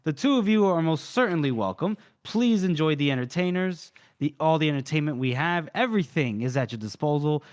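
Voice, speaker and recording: A man voicing a scheming mercenary general with oily, flattering courtesy. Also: on the high side, fairly quick, hardly any pauses, natural voice.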